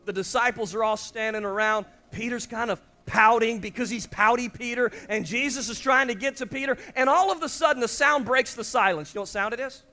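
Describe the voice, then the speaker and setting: A man's voice: very high voice, a little fast, hardly any pauses, pushed and bright. A male pastor preaching an impassioned sermon, often calling out to the congregation.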